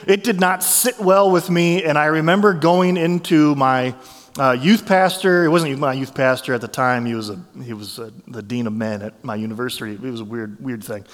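A man preaching a sermon as a pastor, telling stories in a conversational, animated way with restarts. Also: mid-range voice, normal speed, in a large hall.

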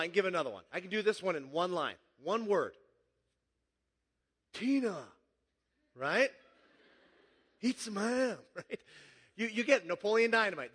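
A man with a high voice preaches in a lively, conversational way, dropping jokes as he goes. His talk rings out with a long reverb, as in a large hall. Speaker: pastor. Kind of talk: sermon.

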